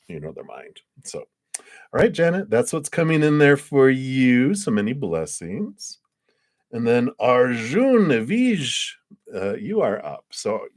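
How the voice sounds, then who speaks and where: Low-voiced man giving tarot readings. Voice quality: throat-clearing, a frog in the throat. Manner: gentle, reassuring, with soft laughs and asides. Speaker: tarot reader. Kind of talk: live-stream tarot reading.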